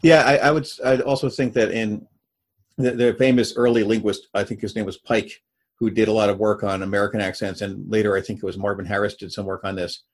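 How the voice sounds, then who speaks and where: Halting, low-voiced male co-host. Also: level tone. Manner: halting, tentative, searching for names. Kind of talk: casual interview discussion.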